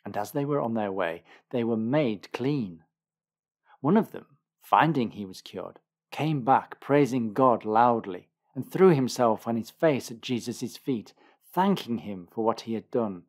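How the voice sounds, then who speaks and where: Male reader for scripture audiobook, steady and expressive, mid-pitched voice. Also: a little slow. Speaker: Bible reader.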